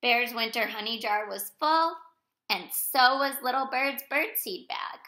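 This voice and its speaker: A woman reads a picture book aloud to young children with lively, animated delivery. Her voice is high and bright. She speaks warmly and directly to her little listeners. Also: unhurried, slight background noise, poor audio. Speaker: storyteller for children.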